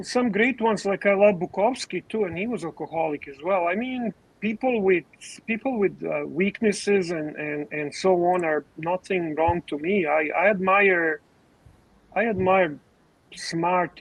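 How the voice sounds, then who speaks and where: A man's voice: high-pitched, unhurried, slightly rough, low-quality recording. A man co-hosting a casual livestream, earnest, often repeating his phrases. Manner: repeats himself, earnest and musing. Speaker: livestream co-host.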